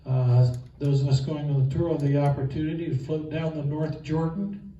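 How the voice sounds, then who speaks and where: A man's voice: fairly high pitch, level tone, normal speed, warm tone, a little hiss or hum. A man teaching a Bible geography class in an enthusiastic, conversational way, with fillers, recorded from a distance in an echoey room. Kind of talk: informal class lecture. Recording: echoey room, distant mic, dull sound.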